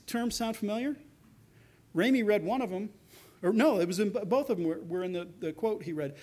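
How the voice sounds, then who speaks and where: High-voiced man preaching animatedly. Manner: animated preaching, acting out characters' quotes with rising intensity. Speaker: pastor. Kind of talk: sermon.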